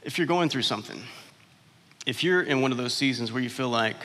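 A man's voice: medium pitch, fairly quick, sharp tone. A male pastor preaching a sermon, emphatic and building on repeated phrases in a church hall. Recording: long reverb of a large hall.

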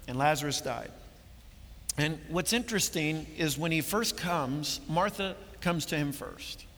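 A man's voice: a little high, pushed and bright, in a large hall. A man preaching a sermon, earnest and building to emphatic points, often repeating words as he goes.

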